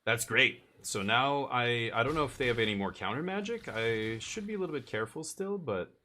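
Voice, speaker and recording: A man's voice: medium pitch, lively intonation, brisk, pushed and bright. A man streaming a card game live, thinking aloud and muttering his plays as he goes.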